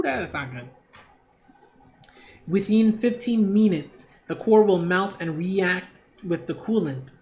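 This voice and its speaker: Slow, slangy man reacting to manga. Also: high voice, a little hiss or hum. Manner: excitable, slangy, peppered with "yo" and "like". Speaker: manga critic reading aloud. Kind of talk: casual read-along reaction.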